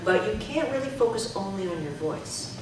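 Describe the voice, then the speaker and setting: A woman speaking coach giving an energetic, emphatic presentation to a club and leading the audience in repeat-after-me drills. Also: medium pitch, moderate pace, a crowd in the background. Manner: energetic, emphatic, projecting to the back of the room. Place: meeting room. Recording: echoey room, distant mic, background noise.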